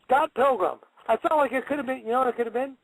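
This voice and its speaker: A man co-hosting a radio show from his car, tipsy from drinking, ranting loudly and swearing. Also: extremely high pitch, fast talker, no room sound, rough recording. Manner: profane, loud, ranting. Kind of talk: rowdy casual banter.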